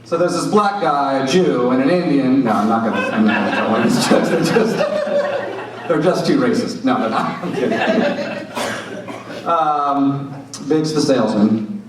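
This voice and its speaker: A man's voice: mid-range voice, normal speed. A man in his thirties giving a wry comedic roast speech at his father's birthday, telling stories and mimicking his father. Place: banquet room with a live audience. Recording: echoey room from a distance, crowd laughter. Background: audience laughter.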